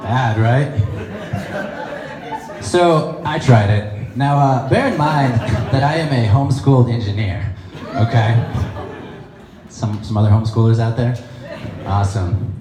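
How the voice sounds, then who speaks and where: A man's voice: medium pitch, unhurried, pauses often, a crowd in the background. A young man doing a stand-up comedy set on stage, with chatty, nerdy, self-deprecating delivery. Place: comedy stage before an audience. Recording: echoey room with noise.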